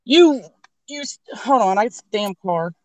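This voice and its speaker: A woman's voice: medium pitch, lively intonation, a little slow, no room sound. A woman in casual chat, ranting angrily and swearing constantly. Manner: angry, profane ranting.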